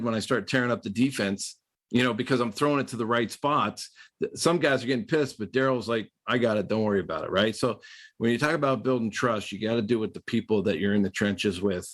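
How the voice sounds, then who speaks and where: A middle-aged man, a podcast guest and former quarterback, telling stories in a casual interview and acting out other people's voices. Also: fairly low pitch. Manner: animated storyteller acting out quoted voices.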